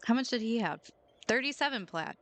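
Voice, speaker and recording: A woman's voice: fairly high pitch, lively intonation, brisk, slight background noise, poor audio. A young woman streaming a game, chatting playfully with her viewers and giggling at her own jokes. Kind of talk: casual chat while gaming.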